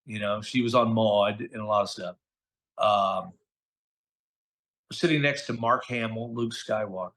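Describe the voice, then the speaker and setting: A middle-aged man, a guest voice actor, telling stories in a casual interview, animated and acting out the voices of the people he quotes. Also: fairly low pitch, a little slow, pauses often. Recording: podcast audio.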